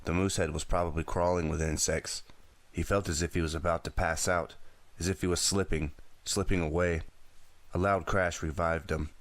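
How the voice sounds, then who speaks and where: A man with a very deep voice narrating a thriller audiobook in a steady, dramatic way. The recording is close and dry, with no room sound. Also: normal speed, no echo. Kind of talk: audiobook reading.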